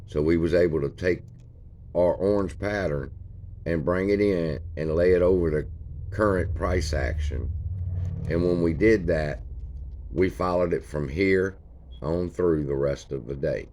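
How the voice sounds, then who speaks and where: Very deep-voiced folksy man. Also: unhurried, darkish tone, a little hiss or hum. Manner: folksy, points at chart features as he talks. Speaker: stock channel host. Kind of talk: casual screen-share chart walkthrough.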